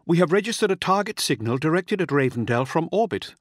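A man voicing a hurried ship controller reporting urgently. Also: fairly high pitch, big pitch swings, no echo, clean studio sound, pitched above the performer's own voice.

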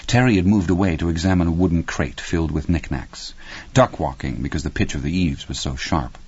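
Man, audiobook narration, very deep voice, steady measured reading, dry slightly muffled recording. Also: husky, dry recording. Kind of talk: scripted narration.

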